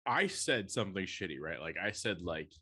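Lower-voiced man in teasing banter. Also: big pitch swings, normal speed, pushed and bright, husky. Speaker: podcast co-host. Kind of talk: casual podcast chat.

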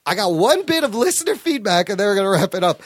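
A man hosting a casual podcast, excitable, swearing freely and ranting fast. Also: sits high, no room sound. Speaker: podcast host.

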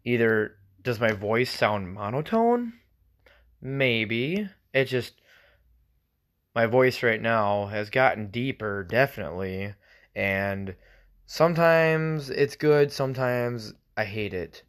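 A man hosting his own podcast in a loose, rambling chat, swearing freely and thinking out loud in a self-conscious way. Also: medium pitch, expressive, takes it slowly. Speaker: solo podcast host. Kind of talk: casual solo podcast chat.

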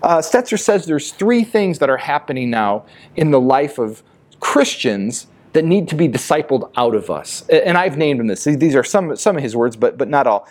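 A man's voice: medium pitch, expressive, moderate pace, darkish tone. A male pastor delivering a sermon in an earnest, emphatic way, often repeating words as he builds his points. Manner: earnest, emphatic preaching with repetitions.

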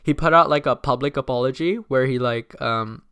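A man's voice: mid-range voice, normal speed, fairly bright tone, clear, resonant tone, dry recording. A young man hosting a casual solo podcast, talking loosely with lots of fillers and frequent swearing. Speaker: podcast host.

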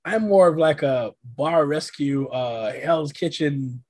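A podcast host with a husky, breathy tone, talking in an animated, rambling way. Full of fillers and quick restarts, with a middle-range pitch that jumps up when excited. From New York. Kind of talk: casual chat.

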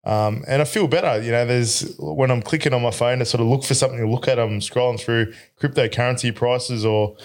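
A man's voice: mid-range voice, brisk, hardly any pauses. A man with an Australian accent, a tradie guest on a podcast, talking in an easygoing way with lots of ums. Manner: easygoing, hesitant with fillers. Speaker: guest, electrician business owner. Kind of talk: casual chat.

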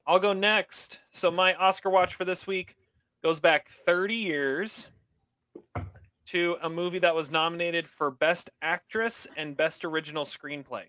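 A man's voice: fairly high pitch, steady tone, measured pace, bright, forceful tone, no echo. A man co-hosting a casual film podcast, rambling with many fillers and restarts. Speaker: podcast co-host reviewing films. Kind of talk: casual chat.

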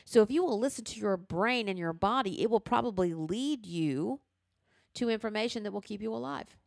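A woman's voice: medium pitch, moderate pace, gravelly, no echo, clean studio sound. A woman co-hosting a podcast, ranting with profanity in casual chat. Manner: animated, profane ranting storyteller. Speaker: podcast co-host.

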